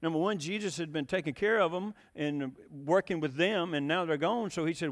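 A man's voice: on the high side, fast, hardly any pauses, long reverb tail. A man preaching a sermon in a folksy, storytelling way, with many fillers and questions to the congregation.

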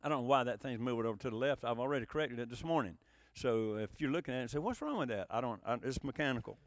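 A man preaching a sermon, animated, moving between loud emphatic bursts and low quiet asides. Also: very fast, dry recording.

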